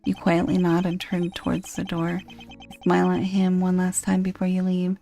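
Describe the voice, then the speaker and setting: A woman reading a dating game's text aloud, with dry, deadpan asides. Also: on the low side, moderate pace, gravelly.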